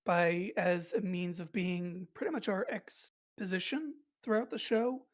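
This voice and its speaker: A woman's voice: medium pitch, measured pace. A woman hosting a podcast in casual chat, rambling with many fillers and restarts. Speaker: podcast host.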